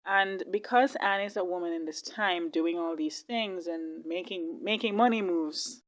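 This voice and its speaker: A woman hosting a casual video reaction to a TV drama, chatty and animated. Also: lowish voice, a little slow. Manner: chatty, animated, laughs easily. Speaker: YouTube reaction host.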